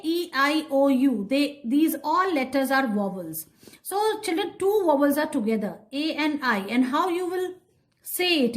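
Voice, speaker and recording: A woman teaching phonics to kindergarten children, sounding out letters slowly and repeating each word. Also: sits high. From India. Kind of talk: slow, sing-song phonics lesson for young children.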